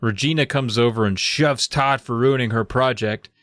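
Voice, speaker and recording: A man co-hosting a podcast, recapping a book in casual chat and acting out characters in quick put-on voices. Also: mid-range voice, a bit bright, no room sound, studio quality. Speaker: podcast co-host.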